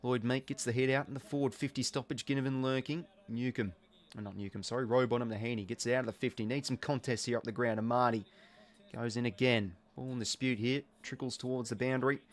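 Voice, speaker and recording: A man's voice: mid-range voice, steady tone, fast talker. A young Australian man hosting a casual live watch-along, chatting through the game and reading out viewers' comments. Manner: chatty, reads out viewer comments, filler-heavy.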